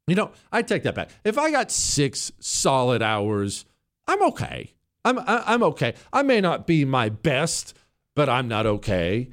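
A middle-aged man hosting a talk radio show, speaking in a cocky, joking, conversational way with frequent restarts. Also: medium pitch. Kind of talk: casual monologue.

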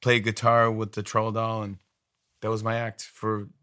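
A man in his forties, a guest in an interview, telling animated, rambling stories. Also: fairly low pitch, measured pace, clean tone, dry recording, studio quality. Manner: animated, rambling anecdotes with restarts. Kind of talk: storytelling interview chat.

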